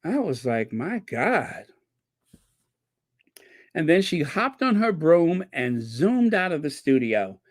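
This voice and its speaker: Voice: medium pitch, big pitch swings, unhurried, hardly any pauses, no echo. A channel host giving commentary on viewer comments, emphatic and repeating key points for effect.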